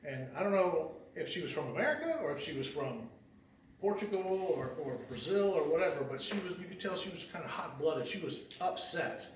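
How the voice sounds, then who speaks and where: A man's voice: a little high, expressive, fairly quick, a little hiss or hum. A man giving a conversational sermon, telling a story in a folksy, rambling way, often restarting and repeating words. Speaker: lay preacher. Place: church sanctuary. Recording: echoey church hall heard from a distance.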